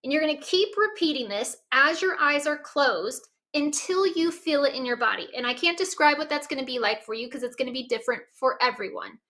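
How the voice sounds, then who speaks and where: A woman's voice: high-pitched, brisk, few pauses, bright, forceful tone. A woman giving a motivational workshop talk, coaching listeners through breathing and self-talk exercises. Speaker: workshop presenter.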